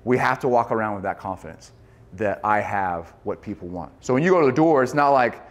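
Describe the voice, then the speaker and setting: A man giving a sales training talk to a group, energetic and acting out lines he would say at the door. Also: fairly quick. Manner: energetic, acts out door pitches and yelling.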